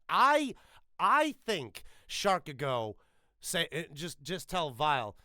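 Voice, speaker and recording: A man's voice: on the high side, huge pitch swings, takes it slowly, sharp tone, no echo, clean studio sound. A man, a voice actor, talking casually and emphatically in an interview, swearing freely. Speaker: voice actor guest.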